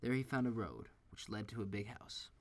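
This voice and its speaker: A man reading a children's story aloud in a steady, expressive way. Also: on the low side, moderate pace.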